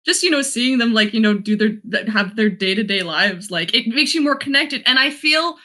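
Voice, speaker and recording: A woman in an easy group chat, talking eagerly and stumbling over her words. Her voice is high and bright. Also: animated, moderate pace. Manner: enthusiastic, hesitant restarts. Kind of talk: casual chat.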